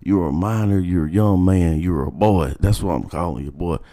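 A man voicing a stern, lecturing male high school principal. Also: moderate pace, dark tone, natural voice. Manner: lecturing, condescending.

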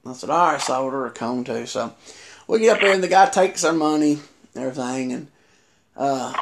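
A man's voice: on the high side, vocal fry. A man chatting casually on a podcast, telling a long rambling story with many restarts. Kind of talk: casual chat. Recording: noisy podcast recording.

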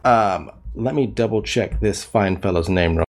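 A man's voice: lowish voice, moderate pace. A man running a tabletop game as game master over an online voice call, narrating hesitantly with many ums.

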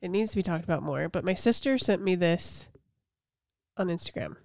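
A woman's voice: fairly low pitch, animated, moderate pace, gravelly, a little mellow, no room sound, studio quality. A young adult woman co-hosting a casual podcast chat about motherhood, reading a passage aloud earnestly and a little out of breath. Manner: reads a passage aloud earnestly, then chats. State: slightly out of breath while reading. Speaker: podcast co-host.

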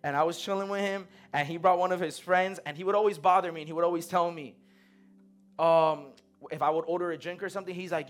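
A young man preaching in a relaxed, conversational way, full of slang and acted-out quotes. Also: fairly high pitch, fast. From United States. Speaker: pastor. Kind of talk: sermon.

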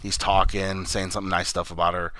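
A man's voice: low-pitched, little pitch movement, brisk, bright, forceful tone, dry recording. A man co-hosting a casual podcast, rambling and laughing as he recaps a TV episode and acts out lines, with plenty of swearing. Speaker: podcast co-host.

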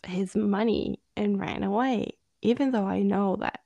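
A woman co-hosting a podcast, telling a personal story in a candid, rambling way and often dropping into a hushed voice. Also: medium pitch, measured pace, creaky, no room sound, highs cut off. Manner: candid, rambling, drops into hushed whispers when retelling. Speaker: podcast co-host. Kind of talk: casual storytelling chat.

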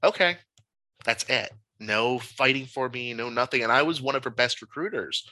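A man, a podcast guest, telling stories from his life in a casual, animated and emphatic way. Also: medium pitch, normal speed, no echo, low-quality recording. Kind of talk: casual storytelling.

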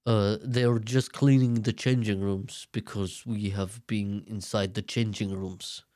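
A man mimicking a slow, heavily accented coworker. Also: lowish voice, fairly even intonation, darkish tone, voice pushed down, close to an everyday voice. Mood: deadpan. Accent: Eastern European, put on. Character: slow male coworker with a heavy foreign accent.

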